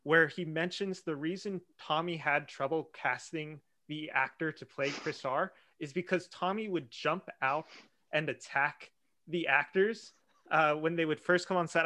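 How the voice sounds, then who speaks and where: A man's voice: a little high, bright, forceful tone. A man co-hosting a podcast, asking long, rambling questions. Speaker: podcast co-host. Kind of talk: casual podcast chat.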